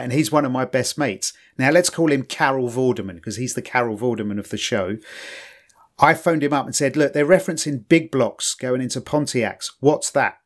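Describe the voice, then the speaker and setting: A middle-aged man chatting casually on a podcast, teasing his co-host with quick jokes. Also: medium pitch. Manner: jokey, teasing interjections. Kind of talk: casual chat.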